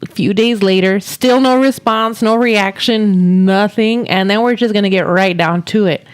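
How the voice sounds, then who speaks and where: A woman co-hosting a podcast in casual chat, teasing and giggly, with deadpan jokes. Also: medium pitch, normal speed, smooth. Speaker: podcast co-host.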